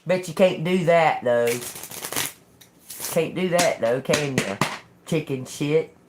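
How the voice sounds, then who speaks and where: An older woman giving a live-stream tarot reading in a slow, profane, confrontational manner. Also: deep voice, background noise. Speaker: tarot reader.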